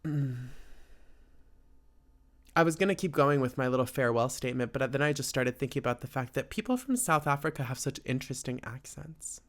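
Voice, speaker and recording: A man's voice: mid-range voice, animated, a little fast. Rambling laid-back male podcast host. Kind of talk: casual solo chat.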